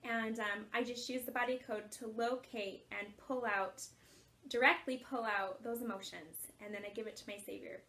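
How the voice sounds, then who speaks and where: A woman's voice: a little high, fairly even intonation, normal speed, pushed and bright. A woman coach telling a personal story in an earnest, emotional way, often laughing as she speaks. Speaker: author and life coach.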